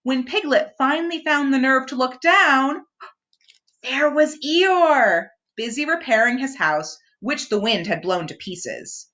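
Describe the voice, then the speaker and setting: A woman librarian reading a picture book aloud to children, with expressive storytelling. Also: sits high, unhurried.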